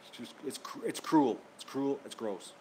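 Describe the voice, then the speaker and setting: Speaking to his channel's viewers in a casual vlog, a man with a medium-pitched, darkish voice uses lively intonation at a moderate pace. He rambles and repeats himself as he gets riled up, with slight background noise behind him.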